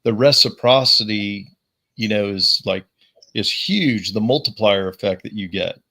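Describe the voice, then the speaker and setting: Man, podcast host, enthusiastic, affirming, bright forceful voice. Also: lowish voice, measured pace. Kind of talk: casual podcast chat.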